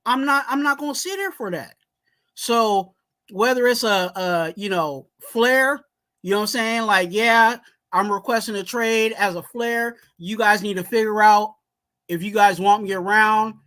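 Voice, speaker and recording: A man co-hosting a fan podcast, ranting heatedly and shouting about his team's coaching. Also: high-pitched, a little slow. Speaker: podcast co-host. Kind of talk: heated sports fan rant.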